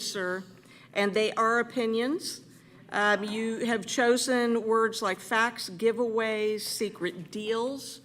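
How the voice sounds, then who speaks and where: A woman presides over a council meeting and answers a speaker firmly, with each word measured. Her voice is high, very slow, and bright and tense. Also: steady tone, slight background noise. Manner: firm, measured, rebutting.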